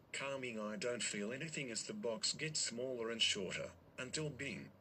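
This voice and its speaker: A man's voice: mid-range voice, bright, forceful tone, slight background noise. Rambling, crude male storyteller. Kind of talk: improvised story narration.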